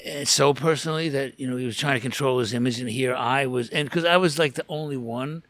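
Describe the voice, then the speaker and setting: A man's voice: medium pitch, a little fast, fairly bright tone, no echo. An older American man, a rock photographer, telling long stories as a podcast guest, with restarts and acted-out quotes. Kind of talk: casual storytelling in a podcast interview.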